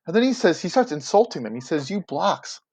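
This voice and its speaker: A man's voice: on the high side, big pitch swings, fast talker, darkish tone, husky. A male teacher casually explaining a play to his students, speaking to them directly, recorded with dull lo-fi audio. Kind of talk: classroom lesson explaining a play.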